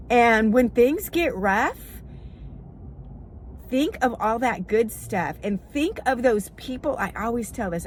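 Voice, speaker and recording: A woman's voice: mid-range voice, slight background noise. Upbeat woman coach giving running tips. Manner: upbeat and encouraging, with frequent ums and laughs. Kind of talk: casual advice talk to camera.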